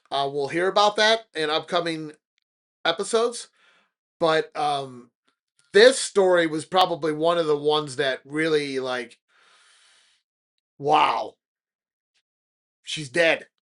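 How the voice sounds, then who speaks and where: A man hosting a podcast, telling a personal ghost story in an animated, dramatic way. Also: fairly high pitch. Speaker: podcast host. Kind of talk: casual storytelling.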